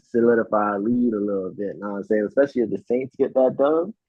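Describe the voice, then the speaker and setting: Man, casual sports picks talk, swears a lot, husky voice, tinny phone-like sound. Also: mid-range voice, a little fast, no room sound. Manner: profane, animated storytelling. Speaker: podcast co-host. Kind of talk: casual sports betting chat.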